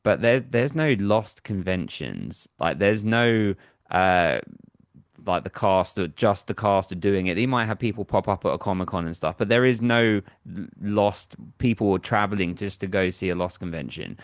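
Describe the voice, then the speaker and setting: A man's voice: sits low, normal speed, no room sound, studio quality. A man hosting a podcast interview, talking casually and eagerly like a fan. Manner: enthusiastic, fan-like. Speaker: podcast host.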